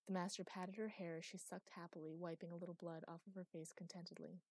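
A woman reading a fantasy audiobook as narrator, in an even storytelling style. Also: fairly low pitch, fast talker, dry recording.

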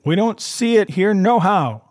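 A man doing a rough shouting pirate. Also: high voice, animated, measured pace, no echo, studio quality, voice pushed up. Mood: urgent. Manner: shouting down from a window. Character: rough male pirate searching an inn.

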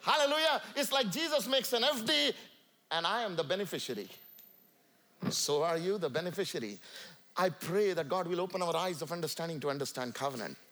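A man with an Indian accent preaching a sermon to a church congregation, swinging from loud calls to quiet asides. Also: on the high side. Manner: emphatic, rising and falling between loud calls and quiet asides. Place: church sanctuary.

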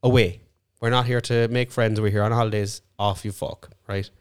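A man's voice: medium pitch, fairly even intonation, brisk, clear, resonant tone, no echo, studio quality. A young Irish man, a podcast co-host, telling rambling, sweary stories in casual chat.

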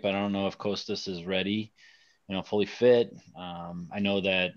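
A man's voice: lowish voice, no echo, highs cut off. A man hosting a casual football podcast, talking hesitantly with many fillers. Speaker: podcast host.

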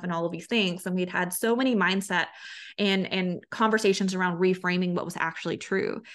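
A woman's voice: fairly low pitch, fairly even intonation, fast talker. Earnest woman podcast host, coaching. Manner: earnest, conversational, with frequent restarts and quoted inner voices. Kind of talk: solo podcast monologue.

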